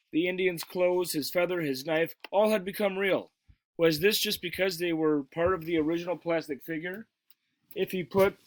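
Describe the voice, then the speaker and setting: Guy reading a kids' book out loud, pretty high voice, dry close mic, steady plain reading. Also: no room sound. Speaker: reader. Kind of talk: storybook read-aloud.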